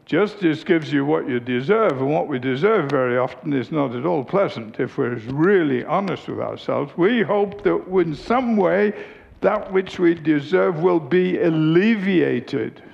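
A man preaching a sermon, telling a family story in a slow, deliberate, teaching tone. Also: a little high, animated, gravelly, muffled recording.

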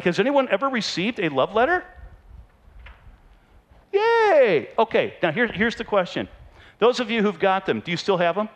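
A man giving an animated storytelling talk to an audience, playful and teasing as he speaks. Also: high-pitched.

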